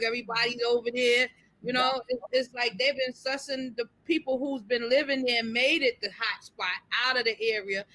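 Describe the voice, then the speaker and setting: A woman with a bright, forward voice joins a casual discussion. She speaks emphatically and colloquially, pressing her points with conviction. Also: fairly high pitch, poor audio.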